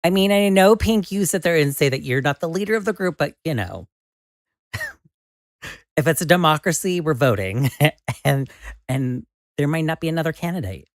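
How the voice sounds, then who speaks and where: A woman hosting a live stream, chatting casually and excitably with viewers as she builds, often exclaiming and laughing. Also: low voice, normal speed, long pauses, no room sound, studio quality. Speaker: livestream host.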